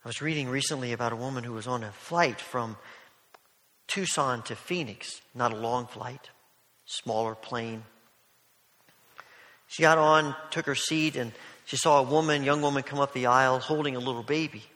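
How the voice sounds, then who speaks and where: A man preaching a sermon, telling a story in a gentle, conversational way with soft asides. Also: medium pitch, moderate pace. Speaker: pastor. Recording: long hall reverb.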